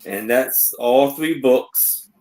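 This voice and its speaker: A man's voice: medium pitch, a little mellow. A man co-hosting a live sale, casually reading out and showing a picture book in simple phrases. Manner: plain, slow, simple phrasing.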